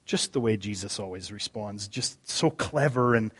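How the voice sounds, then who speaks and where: A middle-aged man preaching a sermon, humorous, swinging between loud emphasis and quiet asides. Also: lowish voice, moderate pace, husky. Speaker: pastor.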